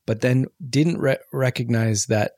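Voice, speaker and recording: A man's voice: mid-range voice, fairly even intonation, unhurried, darkish tone, no room sound, clean studio sound. A man co-hosting a podcast, chatting casually about a movie in a laid-back, joking way and walking through plot points. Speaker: podcast co-host.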